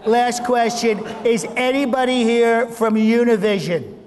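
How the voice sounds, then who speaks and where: A man's voice: very high voice, fairly even intonation, measured pace, in a large hall, heavy background noise, pitched above the performer's own voice. An impressionist doing an older male politician with angry confidence, a throaty, nasal voice and a touch of New York on some words. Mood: boastful. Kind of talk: stage impression.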